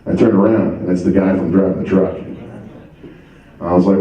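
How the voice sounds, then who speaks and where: A man telling stand-up comedy stories on a club stage, deadpan, acting out the people he quotes. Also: lowish voice, fairly quick. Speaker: stand-up comic and host. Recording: distant dull mic in an echoey club.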